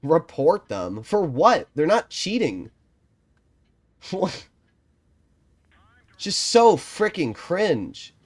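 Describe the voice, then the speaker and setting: Streamer, male, lively pitch, swings from quiet planning to loud swearing rants. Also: drawn-out words, pauses often. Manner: frustrated ranting, swears often; quiet, low-key strategy talk. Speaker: gaming streamer. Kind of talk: live game commentary.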